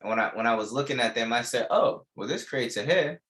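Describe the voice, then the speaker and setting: A man's voice: mid-range voice, expressive, brisk, fairly bright tone. A young man teaching a live online trading class, repeating key lines with emphasis and casual slang. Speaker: trading instructor.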